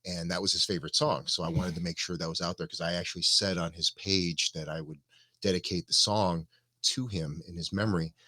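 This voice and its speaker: A man talking as a guest in a relaxed live-stream interview, loose and halting, with many fillers and restarts. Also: low-pitched, no room sound. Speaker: musician guest.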